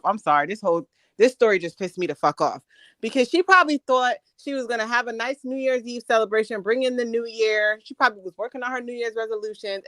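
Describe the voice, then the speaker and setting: A woman's voice: a little high, fairly bright tone, no echo. Female co-host, angry profane rant, dry sound. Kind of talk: angry commentary.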